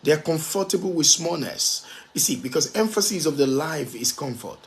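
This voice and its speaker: A man's voice: fairly high pitch, animated, moderate pace, vocal fry. A man giving a motivational talk to an audience, speaking emphatically and repeating key phrases for stress, at times spelling out words letter by letter.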